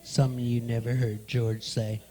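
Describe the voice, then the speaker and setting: A man doing a quick, boastful politician impression during a stand-up set. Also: medium pitch, flat delivery, warm tone, pitched below the performer's own voice, lightly acted. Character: boastful male politician impression, low drawl.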